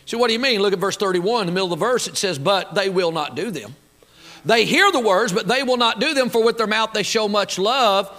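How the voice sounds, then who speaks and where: A man's voice: sits high, animated, fairly quick, bright, forceful tone. A man preaching a sermon, fired up and folksy, talking back and forth with the crowd. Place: church auditorium.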